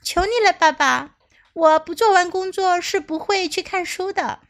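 Clara, a woman voicing an eager little girl. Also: moderate pace. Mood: pleading. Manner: high, excited and pleading.

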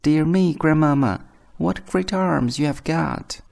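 A man voicing a trusting little girl in a storybook reading, raising his voice high and childlike. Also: takes it slowly, gravelly, a little mellow. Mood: wondering.

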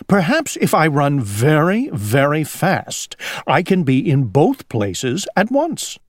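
A woman voicing a gentle, earnest male owl who frets and weeps in a picture book read-aloud; Chinese is her first language. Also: sits low, huge pitch swings, takes it slowly, no room sound, studio quality, exaggerated voice. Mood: eager, frantic.

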